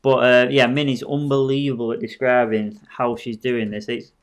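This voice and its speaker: A man's voice: mid-range voice, level tone, normal speed, clean tone. A man with a regional English accent hosts a live video chat. He talks casually and enthusiastically, often stumbling into ums and uhs as he goes. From England. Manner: enthusiastic, chatty, hesitant fillers. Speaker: livestream host.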